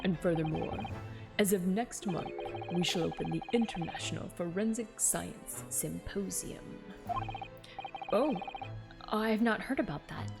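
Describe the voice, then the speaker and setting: A woman's voice: on the low side, measured pace, vocal fry, loud music behind the voice. A woman voicing a stern, imposing male chief judge in a game, serious and clipped. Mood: lecturing.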